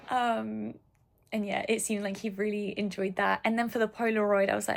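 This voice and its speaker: A woman's voice: mid-range voice, fairly even intonation, normal speed, creaky. A young woman vlogging in a casual, gushing way, full of "like" and fond asides. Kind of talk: casual chat.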